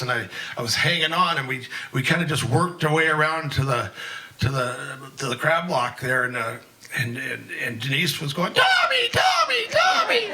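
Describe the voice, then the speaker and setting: A man's voice: on the high side, bright, forceful tone, far from the mic, poor audio. A man in his sixties telling a rambling, folksy personal story at an open mic, full of fillers and restarts. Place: live event in a museum hall.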